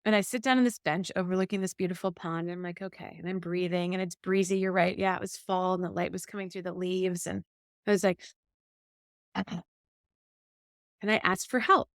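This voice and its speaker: A woman with a somewhat low voice speaks fairly quickly as she co-hosts a podcast, telling a personal story casually and animatedly reenacting her own lines. The clean studio recording carries no room sound.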